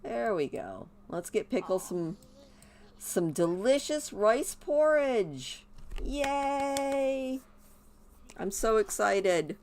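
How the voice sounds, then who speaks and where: Animated woman chatting through a game. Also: medium pitch, takes it slowly, slight background noise. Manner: chatty and playful, gushing over the game's babies. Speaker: gameplay commentator. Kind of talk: casual game commentary.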